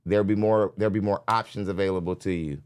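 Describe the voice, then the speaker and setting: Deep-voiced, blunt male podcast host. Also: steady tone, fast, darkish tone, clear, resonant tone. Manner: blunt, laughing, addresses chat directly. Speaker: podcast host reacting to a clip. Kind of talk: live reaction commentary. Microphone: studio mic.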